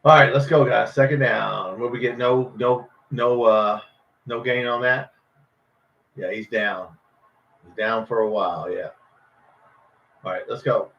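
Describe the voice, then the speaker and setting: Swearing at players and refs and yelling at the screen, a frustrated man hosts a live football watch party, reacting to every play. His medium-pitched voice is a little slow, with vocal fry and long pauses, and the stream audio is dull and lo-fi.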